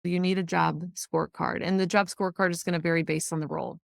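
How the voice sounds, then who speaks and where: A woman's voice: on the low side, steady tone, fast talker, vocal fry, no room sound, clean studio sound. A woman hosting a solo podcast, teaching in a casual, think-aloud way with the odd swear word. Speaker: podcast host.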